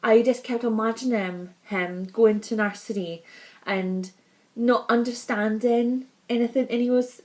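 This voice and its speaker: Candid, slightly high-voiced young woman vlogging. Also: steady tone, unhurried, darkish tone. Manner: candid, chatty and heartfelt. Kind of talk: casual personal vlog.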